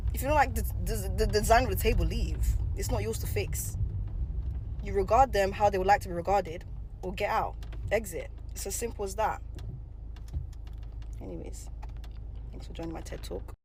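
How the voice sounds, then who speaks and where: A woman's voice: medium pitch, noisy background. A woman ranting in a reaction video, sassy, scolding and sarcastic.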